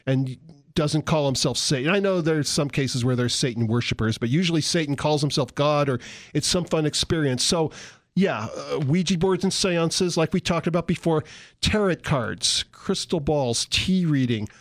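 A man's voice: fairly high pitch, normal speed, no room sound. A man from San Diego co-hosting a Christian talk show, teaching about the Bible in a folksy, joking way and sometimes acting out voices. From San Diego, California. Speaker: Christian radio co-host. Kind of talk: casual Bible teaching chat.

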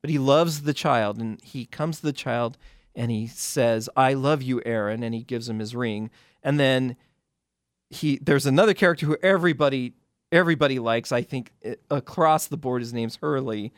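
A man's voice: medium pitch, moderate pace, no echo, clean studio sound. A man who is a film critic, a guest on a radio talk show, explaining scenes in a loose, rambling way with frequent restarts.

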